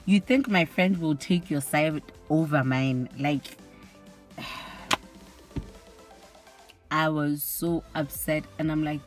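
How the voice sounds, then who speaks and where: Woman, low voice, young adult, casual vlog storytelling, exasperated. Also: steady tone, takes it slowly, soft background music. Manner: candid, exasperated, often says "like". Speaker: vlogger.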